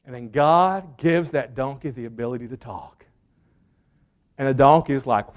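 A man preaching a sermon as a pastor, retelling a story in an animated way and acting out the quotes. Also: very high voice, moderate pace.

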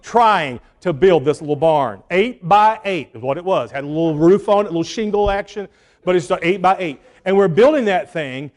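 A man's voice: high-pitched, animated, moderate pace. A man preaching a sermon, telling a story with emphatic, repeated lines. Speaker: pastor.

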